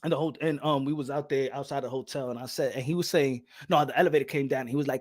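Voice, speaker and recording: A man's voice: mid-range voice, steady tone, racing, few pauses, a little mellow. A man doing casual, rambling and sarcastic boxing commentary in slangy talk.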